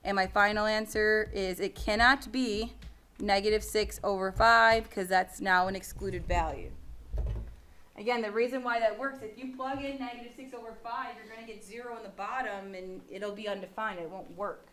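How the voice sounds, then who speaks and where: A woman's voice: medium pitch, fairly even intonation, normal speed, a bit bright, slight background noise. A woman teaching a math lesson to a class in a patient, encouraging and casual way.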